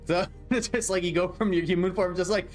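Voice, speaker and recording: A man with a fairly high voice runs a tabletop game as its game master. He talks loosely, often laughs, and rambles between details. Faint music plays behind him. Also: steady tone, fairly quick.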